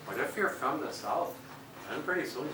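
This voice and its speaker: In an echoey elementary school room, with a guitar playing and a noisy background picked up by a distant mic, a puppeteer from Minnesota addresses the children. His mid-range voice is expressive and moderately paced as he jokes with them and asks questions.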